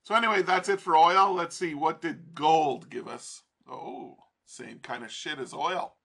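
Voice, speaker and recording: A man's voice: a little high, unhurried, creaky, fairly bright tone, breathy edge. A man teaching trading over a chart in a casual, profane, rambling way, laughing often. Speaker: trading instructor.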